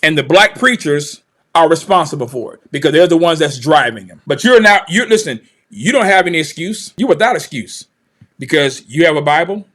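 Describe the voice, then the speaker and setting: A man's voice: a little high, expressive, fairly quick, fairly bright tone. A man hosting a livestream, delivering heated, confrontational commentary in a preachy way and repeating phrases for emphasis. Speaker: channel host, commentator.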